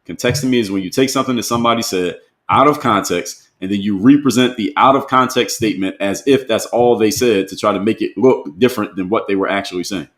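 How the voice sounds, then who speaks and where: Here a host reads his live stream's viewer comments aloud and replies conversationally, repeatedly asking rhetorical questions. His voice is lowish and a bit bright, and he talks quickly with hardly any pauses, in a room with a roomy echo.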